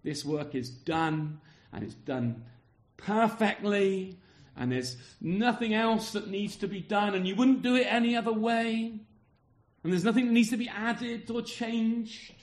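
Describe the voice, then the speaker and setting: A man preaching a sermon in a fairly high voice. He speaks earnestly and with emphasis, doubling back on words as he presses each point home. Parts of his talk are aimed at the children in the congregation. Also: a little slow.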